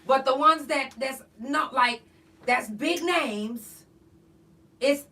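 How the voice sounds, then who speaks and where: A woman's voice: sits high, takes it slowly, pushed and bright. A woman hosting a podcast, ranting bluntly and profanely in an emphatic, outspoken monologue. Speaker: podcast host. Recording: voice a bit far from the mic.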